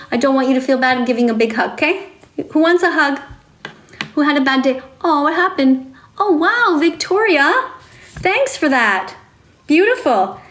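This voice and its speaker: Coddling high-pitched woman livestreamer. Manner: coddling, sing-song, talks to viewers like children. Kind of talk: livestream chat with viewers.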